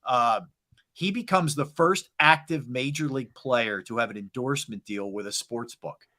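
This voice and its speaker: A man hosting a casual sports talk show, lively as he moves the panel from one topic to the next. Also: mid-range voice, normal speed.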